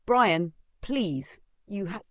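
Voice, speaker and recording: A man's voice: sits high, animated, very slow, background noise, voice pushed up, heavily acted. A man voicing a scared young heroine. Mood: tense, guarded. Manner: tense, guarded. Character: young woman, frightened and guarded heroine.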